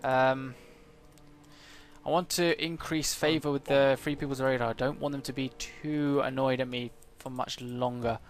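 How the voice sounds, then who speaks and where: A man's voice: medium pitch, steady tone, moderate pace. Hesitant man narrating his strategy game. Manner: thinks aloud, hesitant, many fillers. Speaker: let's play gamer. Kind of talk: strategy game let's play commentary.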